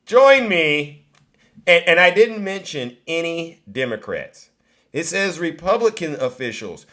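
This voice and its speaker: A man's voice: a little high, a little slow. Mocking man hosting a live stream. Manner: mocking and animated, talks straight to viewers. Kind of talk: political commentary live stream.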